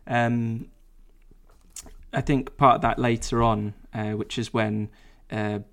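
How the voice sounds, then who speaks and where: A man's voice: mid-range voice, little pitch movement, slow, gravelly. A man co-hosting a podcast, chatting casually in an easygoing, self-deprecating way. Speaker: podcast co-host. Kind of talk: casual chat.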